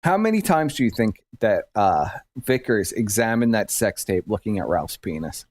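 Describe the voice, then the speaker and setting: A man's voice: on the low side, sing-song, moderate pace, darkish tone. A man hosting casual commentary, wry and mocking.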